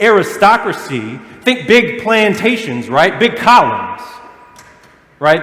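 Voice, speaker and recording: A man's voice: sits high, a bit bright. A young male pastor from Alabama with a Southern American accent, preaching a sermon in a conversational style full of rhetorical questions. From Alabama, USA. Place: church sanctuary. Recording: echoey church hall.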